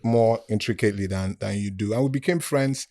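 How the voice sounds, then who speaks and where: Animated Nigerian man telling a story. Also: fairly low pitch, fairly quick. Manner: animated storyteller who acts out the people he quotes. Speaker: podcast guest. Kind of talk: casual storytelling.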